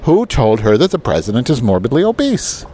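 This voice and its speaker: A man's voice: mid-range voice, wildly swooping pitch, fairly quick, mellow. A man hosting a podcast in casual banter, talking in a hyper, sarcastic, teasing way from a school parking lot outdoors. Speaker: podcast host.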